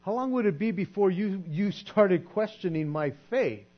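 A man's voice: sits high, animated, normal speed. A man preaching a sermon in an earnest, conversational way, often repeating words as he goes. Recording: dull lo-fi recording with mains hum.

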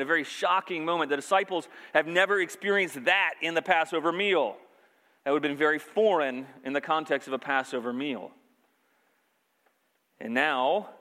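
A man preaching a sermon, pitched a little high for a man. He retells the scene earnestly, quoting lines along the way. His voice rings out with a long hall reverb behind it. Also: pushed and bright. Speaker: pastor.

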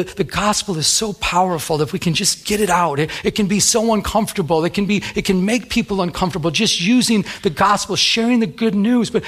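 A man's voice: on the high side, a bit bright. A middle-aged man, a pastor, preaching a sermon in a conversational, storytelling way with many restarts.

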